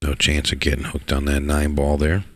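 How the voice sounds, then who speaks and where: Low-voiced excitable pool commentator, man. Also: normal speed. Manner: excitable, repeats words for emphasis. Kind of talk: live play-by-play commentary. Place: pool hall.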